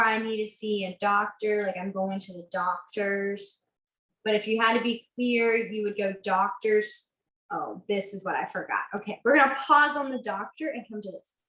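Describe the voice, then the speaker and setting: A woman's voice: medium pitch, a bit bright, echoey room, low-quality recording. A woman teaching a beginners' sign language class, chatty and self-correcting, laughing easily. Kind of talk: online class instruction.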